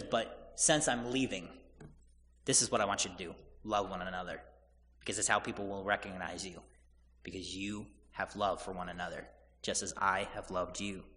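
A man's voice: fairly low pitch, bright, forceful tone, long reverb tail. A man preaching a sermon, retelling scripture in casual everyday paraphrase and acting out the people in the story.

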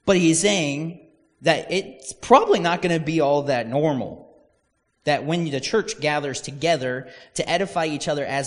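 A man's voice: medium pitch, in a large hall. A man preaching a casual, conversational sermon, telling stories and acting out quoted voices.

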